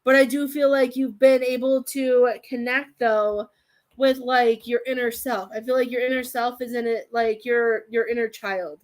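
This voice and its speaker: A woman's voice, on the high side with little pitch movement, moves at a moderate pace as she gives a live-stream tarot reading as a medium. Her delivery rambles and stalls, full of "I feel like," often turning emotional and at times tearful.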